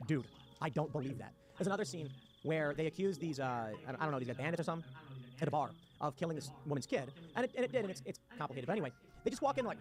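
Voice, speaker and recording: A man's voice: a little high, big pitch swings, very fast. A man giving sarcastic, combative commentary on a livestream, reading posts aloud and ranting. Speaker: political commentator. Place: home in West Virginia. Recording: music playing underneath. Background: music.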